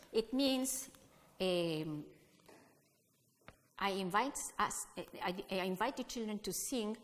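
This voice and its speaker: A woman music educator giving a conference talk, with halting, non-native phrasing, often turning to question her audience. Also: on the high side, a bit bright. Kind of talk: conference presentation. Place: conference hall. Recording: long hall reverb.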